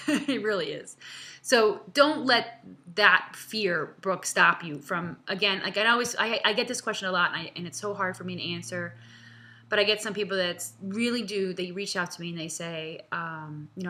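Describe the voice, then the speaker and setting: A woman in her thirties answers viewer questions from her home. She talks in a chatty, earnest rush with lots of fillers and small laughs, as if close to tears. Her voice sits a touch low but comes across bright and forceful. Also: normal speed. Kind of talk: casual, heartfelt direct-to-camera talk.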